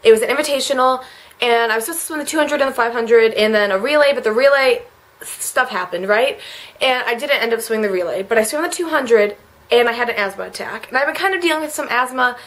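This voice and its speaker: A woman's voice: on the high side, fast talker, a bit bright. A teenage girl talking in a rambling, emotional confessional vlog, close to tears and full of filler words. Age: late teens. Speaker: vlogger.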